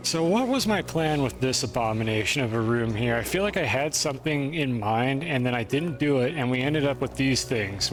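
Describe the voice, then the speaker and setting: Here's a US streamer with a medium-pitched, fairly bright voice, talking loosely to his viewers while he plays. His chatter wanders and often pokes fun at himself.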